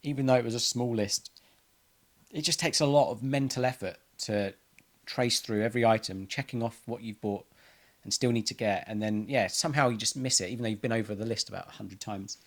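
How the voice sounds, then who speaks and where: A man's voice: medium pitch, brisk. A man talking casually to camera in a rambling personal monologue, full of ums and restarts. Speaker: vlogger.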